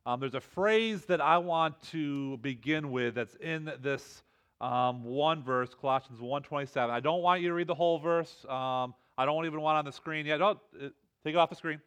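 A man's voice: fairly high pitch, moderate pace, fairly bright tone, clear, resonant tone. A middle-aged man preaching a sermon in a loose, conversational way, with lots of fillers and restarts. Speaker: pastor.

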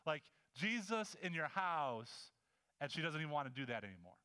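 High, bright-voiced male preacher. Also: moderate pace, smooth. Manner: animated, conversational, acts out scenes. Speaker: pastor. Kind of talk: sermon.

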